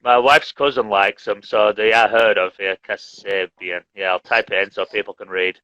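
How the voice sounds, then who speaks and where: Bright-voiced man, chatty teacher. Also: fairly low pitch, fairly quick, dry recording, muffled recording. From Leeds, England. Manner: relaxed, chatty, laughs often. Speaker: English teacher, host. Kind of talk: casual live-stream chat. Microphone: video call.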